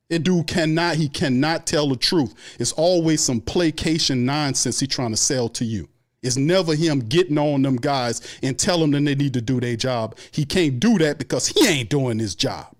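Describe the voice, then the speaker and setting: A man hosting a sports show, delivering an angry, profane fan rant full of repeated complaints. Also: mid-range voice. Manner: angry, profane, repetitive ranting.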